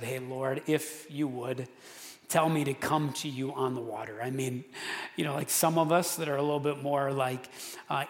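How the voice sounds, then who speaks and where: A man preaching a sermon to his congregation in a casual, conversational way, with frequent restarts and fillers. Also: on the high side. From central Wisconsin. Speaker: pastor. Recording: echoey hall with long reverb.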